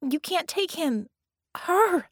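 A woman doing a fierce, high-strung young woman. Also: expressive, slow, no echo, studio quality, full character voice. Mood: defiant. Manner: urgent, intense.

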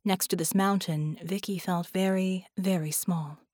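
A woman reading an audiobook in a measured, steady storytelling voice. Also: fairly low pitch, no echo, studio quality. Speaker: audiobook narrator. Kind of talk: scripted audiobook narration.

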